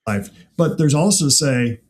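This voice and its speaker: A man who grew up in the Midwest, hosting a casual chat with an animated, laughing manner and frequent rhetorical asides. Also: medium pitch, normal speed, a little hiss or hum. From American Midwest. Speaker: podcast host.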